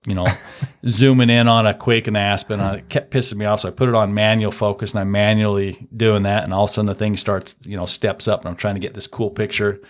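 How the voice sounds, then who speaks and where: A man's voice: fairly low pitch, flat delivery, fast. A man, a podcast guest and auto shop owner, telling hunting stories in a casual, enthusiastic and rambling way. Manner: outdoorsy hunting talk. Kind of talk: casual storytelling chat.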